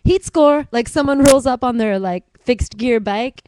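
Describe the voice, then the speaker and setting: A woman co-hosting a casual chat, telling animated stories and breaking into silly voices. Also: fairly high pitch, moderate pace, no room sound, poor audio. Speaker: podcast co-host.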